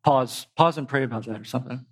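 A man's voice: medium pitch, quick pace, background noise. A man preaching a sermon in a casual, explanatory way, with a tickle in his throat. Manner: conversational, explains with pop culture examples.

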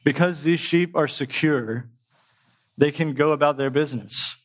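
A man preaching a sermon in a casual, explanatory way, with a tickle in his throat. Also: medium pitch. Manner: conversational, explains with pop culture examples.

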